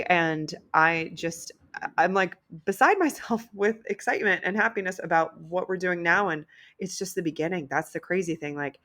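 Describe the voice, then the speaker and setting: Woman, middle-aged, podcast host, casual solo talk, candid, swears, emotional, low-pitched voice. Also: moderate pace, a bit bright. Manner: candid, swears freely, gets choked up and emotional.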